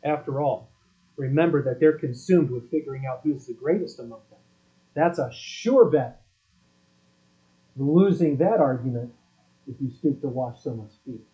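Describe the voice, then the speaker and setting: A man's voice: medium pitch, moderate pace, long pauses, dark tone. A man preaching a sermon as pastor, speaking emphatically and asking his listeners rhetorical questions. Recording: dull lo-fi recording.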